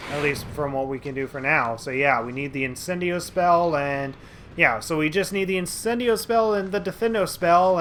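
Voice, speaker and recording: A man's voice: on the high side, fairly bright tone, a little hiss or hum. A man giving casual, rambling commentary over a video game he is playing at home, with lots of fillers and restarts. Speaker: let's play host.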